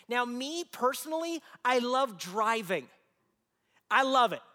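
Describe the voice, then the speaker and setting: Male pastor, forties, very high voice, folksy preaching with jokes and rhetorical questions, long hall reverb. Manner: warm storytelling with humor and rhetorical questions. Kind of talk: sermon.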